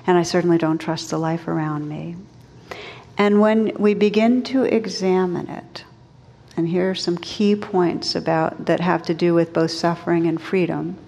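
Woman teacher giving a dharma talk, slow and gentle, lowish voice, long hall reverb. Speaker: meditation teacher.

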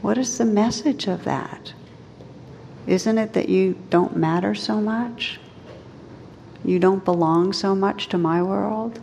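A woman meditation teacher giving a dharma talk in a slow, gentle, reflective manner. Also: medium pitch, vocal fry, big-room sound, a little hiss or hum.

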